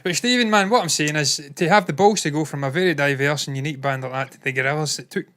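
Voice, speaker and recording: A man's voice: a little high, fast, bright, forceful tone. A man co-hosting a casual movie news chat, opinionated and jokey. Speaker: co-host.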